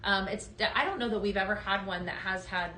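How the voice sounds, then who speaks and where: A woman's voice: medium pitch, a little fast, echoey room, crowd noise. A woman hosting a live home-decor sales stream, gushing over products in an upbeat way and talking straight to viewers. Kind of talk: live product demo chat.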